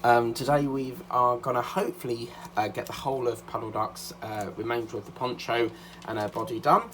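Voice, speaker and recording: A man's voice: medium pitch, level tone, a little fast, a bit bright, slight background noise. A man, chatting casually as a craft vlogger, a little out of breath and rambling with many fillers and restarts. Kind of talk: casual chat.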